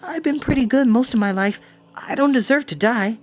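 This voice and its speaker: A man voicing a panicked young boy who talks in rushed, breathless bursts. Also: sits high, expressive, voice pushed up.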